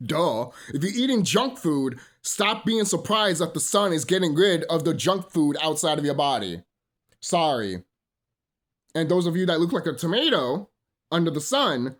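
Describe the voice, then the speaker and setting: Guy ranting on his channel, swears a lot, lots of ums, voice jumps all over, kinda high. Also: big pitch swings, moderate pace. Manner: profane, rambling, full of fillers; preachy, addresses listeners as brothers and sisters. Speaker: vlogger. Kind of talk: solo ranting monologue.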